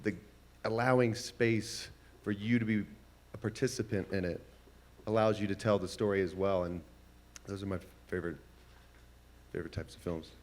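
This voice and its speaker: A man filmmaker on a festival panel, speaking in a relaxed, reflective way. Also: fairly low pitch, moderate pace. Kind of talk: panel discussion.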